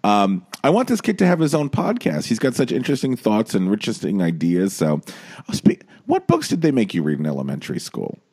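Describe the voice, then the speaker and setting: Podcast co-host, man, very low voice with lively swings, playful and easygoing. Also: brisk, slightly rough. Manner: playful, does an old-timey announcer voice at times. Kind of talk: casual chat.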